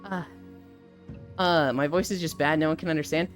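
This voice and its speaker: This woman runs a live stream, her low-pitched voice at normal speed with faint music underneath. She keeps up a casual, animated conversation with a guest, swearing without restraint and calling out chat viewers by reading what they write.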